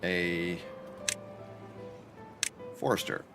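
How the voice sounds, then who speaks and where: A man's voice: low-pitched, fairly even intonation, very slow, music in the background. A man chatting casually with his viewers, joking while he plays a game from his apartment. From Canada. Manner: chatty, joking, talks to chat while playing. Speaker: streamer. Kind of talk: casual gaming livestream commentary.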